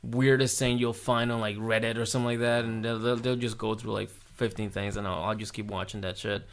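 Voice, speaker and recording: A man's voice: on the low side, flat delivery, fairly quick. A man co-hosting a podcast in casual chat, rambling, profane and self-deprecating. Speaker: podcast co-host.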